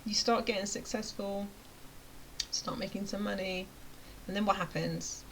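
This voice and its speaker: A chatty woman delivers a motivational rant straight to her viewers. Her voice is middle-pitched, and she is emphatic one moment and close to a whisper the next. A faint hiss sits under the recording. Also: steady tone, measured pace, rough recording. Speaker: vlogger and web design coach.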